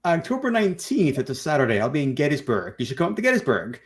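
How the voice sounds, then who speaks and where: Relaxed, rambling man as an interview guest. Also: fairly high pitch, fast talker. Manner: relaxed, rambling, many fillers. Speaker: documentary filmmaker guest. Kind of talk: casual interview chat.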